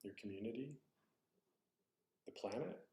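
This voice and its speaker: A Zen teacher gives a dharma talk in a warm, fairly low voice at a measured pace. He sounds reflective and searching, frequently correcting himself out loud, and the room has a noticeable echo.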